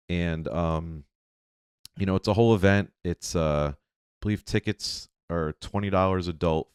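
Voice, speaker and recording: A man with an extremely low, smooth and resonant voice talks loosely through a solo podcast. He rambles in an easygoing way with lots of ums and you-knows. The sound is close and dry. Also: no room sound. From Connecticut. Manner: rambling, filler-heavy, easygoing. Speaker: podcast host. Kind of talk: casual solo podcast talk.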